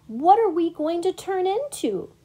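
An eager little pollywog boy squeals with wonder at everything, as a woman reads him aloud. His voice rides high and bubbly, full of wide-eyed questions in a gentle storybook telling. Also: expressive, a little slow. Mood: excited. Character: excitable young male pollywog, eager and curious.

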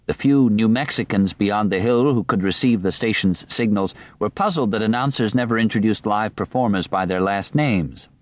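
A man narrates a nonfiction audiobook in a measured, even reading style. His voice sits on the low side. The studio recording is close and dry, with no room sound. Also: dry recording.

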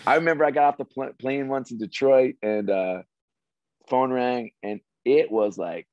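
A middle-aged man, a former sports executive, telling stories as an interview guest in an animated, restarting way. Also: mid-range voice, moderate pace, dry recording. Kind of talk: casual interview storytelling. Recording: dry, slightly dull audio.

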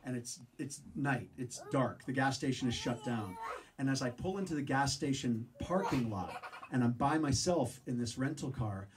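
Animated man telling stories live. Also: mid-range voice, normal speed. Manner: animated, profane, acts out voices with shouts. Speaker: speaker at a show. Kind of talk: spoken word storytelling. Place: live venue with audience. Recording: distant mic with background noise.

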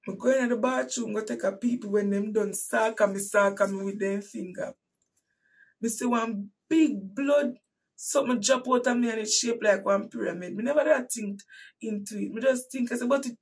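Preaching to her listeners, a husky-voiced Jamaican woman, a host and preacher, recounts a painful personal story with emphatic repetition, moving between hushed and loud. Her pitch is fairly high at normal speed, and she's far from the mic on poor audio.

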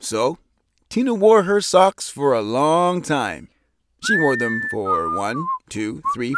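Animated man reading a picture book. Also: slow pace, a little hiss or hum. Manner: animated, voices characters with big pitch jumps. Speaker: storybook narrator.

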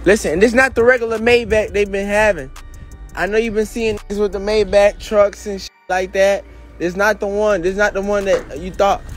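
A young man chatting casually to camera during a car delivery at his house, excitable and boastful, repeating himself. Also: sits high, normal speed, faint music behind. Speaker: rapper showing off a new car delivery.

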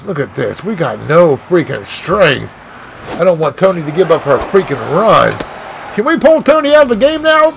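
Man, gaming host, very high voice, gravelly, swooping pitch, excitable play-by-play, shouts then mutters. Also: moderate pace, slight background noise. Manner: excitable, swinging between shouts and dejected muttering; mild swearing, "freaking" and "dang it" catchphrases. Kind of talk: live play-by-play of his own video game.

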